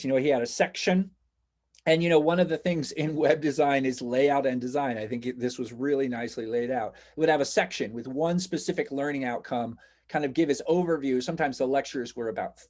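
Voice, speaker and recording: A man's voice: fairly high pitch, darkish tone. A man teaching a college class online over a video call, talking casually and reassuring his students while inviting their questions. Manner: reassuring, chatty, encouraging questions. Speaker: college instructor.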